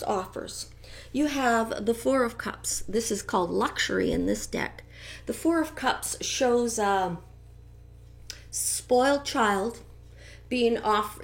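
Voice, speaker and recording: A middle-aged woman with a slightly higher voice talks through a tarot reading in a casual, gossipy way. She drifts into animated asides and opinionated commentary as she goes. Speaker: tarot reader.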